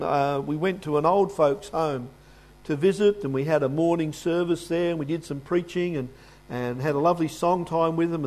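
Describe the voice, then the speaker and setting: Preaching man telling a story, higher voice. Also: darkish tone. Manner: anecdotal, acts out both sides of a dialogue. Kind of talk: sermon with storytelling.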